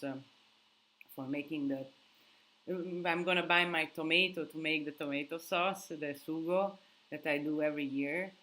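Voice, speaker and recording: A woman's voice: low voice, fairly bright tone, poor audio. A sleep-deprived young woman hosts a casual live Q&A. She answers viewer questions, thinking aloud and hunting for words.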